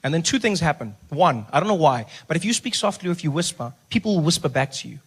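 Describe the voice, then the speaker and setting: A middle-aged man from South Africa performing a stand-up routine, telling a story in an animated way, acting out other voices and dropping to a soft hush for jokes. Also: a little high, quick pace, slightly rough. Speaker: stand-up comedian. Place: stage.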